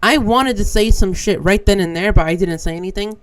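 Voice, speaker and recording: A man's voice: high voice, fairly quick, clear, resonant tone, poor audio. A young man from Brazil whose first language is Portuguese, a streamer telling a casual story with lots of swearing. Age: young adult. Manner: animated, swears a lot. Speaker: vtuber streamer.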